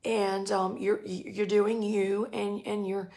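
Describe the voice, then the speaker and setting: A woman's voice: mid-range voice, level tone, takes it slowly, dark tone. A woman in her forties voicing God as a laid-back, encouraging buddy who talks in casual slang.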